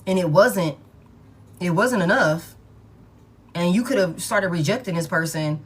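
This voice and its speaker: A woman's voice: on the low side, expressive, measured pace, slightly rough. A woman giving a casual tarot reading, talking bluntly and with profanity, and repeating key lines for emphasis. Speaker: tarot reader.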